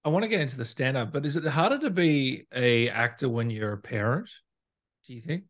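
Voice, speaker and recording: A man's voice: mid-range voice, animated, fairly quick, fairly bright tone. A man hosting an interview, an eager fan who reads out viewer questions. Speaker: interview host. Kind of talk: casual interview chat.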